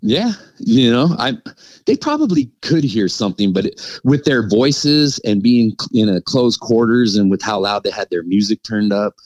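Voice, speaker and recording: A middle-aged man with a very deep voice tells his story as a podcast guest. He talks in a loose, animated way, stacking fillers and chuckling now and then, and the sound is close and dry. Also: moderate pace, dry recording, poor audio. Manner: animated, filler-heavy with frequent likes and laughs. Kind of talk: casual storytelling.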